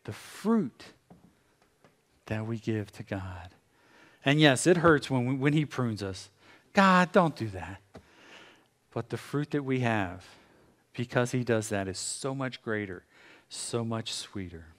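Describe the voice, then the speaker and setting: Slow, deliberate American man preaching. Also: medium pitch, expressive. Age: middle-aged. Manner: dramatic pauses, acts out God's voice and a busy morning. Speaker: pastor. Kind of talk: sermon. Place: church sanctuary.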